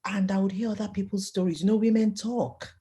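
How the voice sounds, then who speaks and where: A woman's voice: mid-range voice, fairly quick, slight background noise. A middle-aged woman sharing her personal story as an interview guest, telling it vividly and acting out the voices of people she quotes. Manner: expressive storytelling, acts out quoted voices, laughs often. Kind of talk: personal testimony in conversation.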